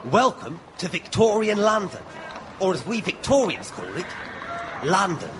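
A man's voice: sits high, sing-song, a little slow, over a noisy crowd. A man playing a comic tour guide in a comedy sketch, theatrical and hammy. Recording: noisy recording.

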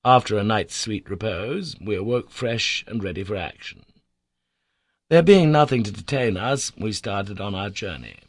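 A man reading a classic adventure novel aloud as an audiobook narrator, measured and storytelling, lifting his voice for emphasis. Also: lively intonation, no room sound. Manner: measured storytelling, lifts pitch and volume for emphasis.

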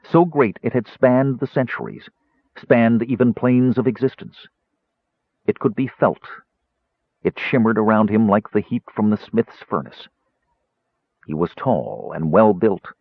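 A man narrating a fantasy audiobook in a measured storytelling manner. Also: slightly rough, dry recording. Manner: measured storytelling, dropping low on asides. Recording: narrow tinny phone-like audio.

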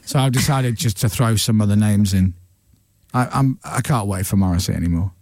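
A man hosting a radio breakfast show, telling stories in a chatty, animated way into a studio microphone. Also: lowish voice, no room sound. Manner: chatty storyteller, quick and animated. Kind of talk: casual studio chat.

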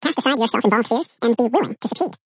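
A woman reading a scripted book summary in an even, measured narration. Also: on the high side, breathy edge, no room sound.

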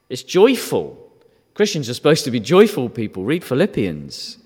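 A man's voice: mid-range voice, huge pitch swings, normal speed, husky. A man preaching a sermon in a conversational way, asking rhetorical questions and briefly acting out quotes. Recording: long reverb.

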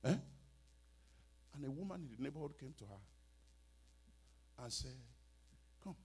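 A male preacher telling stories in a sermon, dramatic and swinging between hushed and loud. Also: mid-range voice, expressive, moderate pace, vocal fry, slightly rough. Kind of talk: storytelling sermon.

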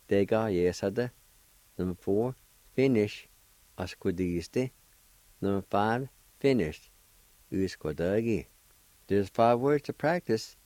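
A man hosting a radio language lesson, spelling and pronouncing each word slowly and patiently, repeating it several times. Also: low-pitched, dark tone, no echo, low-quality recording. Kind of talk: slow spelling and pronunciation lesson.

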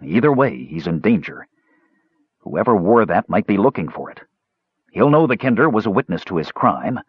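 A man voicing a big, blunt male warrior who talks gruffly, heavily and tersely. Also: lowish voice, big pitch swings, moderate pace, dry recording, muffled recording. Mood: uneasy. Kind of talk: audiobook character voice.

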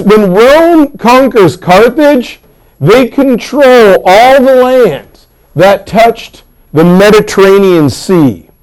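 Male teacher lecturing a class, lively storytelling manner, voice on the high side. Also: rough recording. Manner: animated storytelling with pop-culture asides. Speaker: history teacher.

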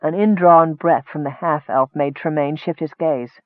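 A man reading a fantasy novel aloud in steady, measured narration. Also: a little high, no echo. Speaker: audiobook narrator. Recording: thin phone-like dry sound.

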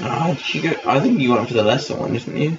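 A man's voice: mid-range voice, expressive, fast, heavy background noise. A man co-hosting a casual watch-along commentary, bluntly critical and swearing. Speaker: podcast co-host. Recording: distant, dull lo-fi with music.

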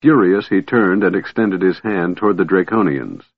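A man narrating a fantasy audiobook in a measured, dramatic reading. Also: sits low, expressive, husky, no echo. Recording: tinny phone-like audio.

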